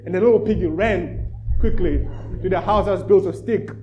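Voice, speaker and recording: A man preaching to a church, telling a children's story with lively energy. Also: high-pitched, moderate pace, low-quality recording. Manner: animated storyteller, rising in volume. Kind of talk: sermon with storytelling.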